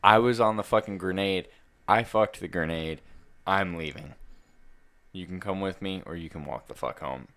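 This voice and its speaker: A man's voice: moderate pace, a bit bright. A man co-hosting a podcast, rowdy and profane, laughing often. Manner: rowdy, laughing, swinging pitch. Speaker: podcast co-host. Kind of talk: casual chat.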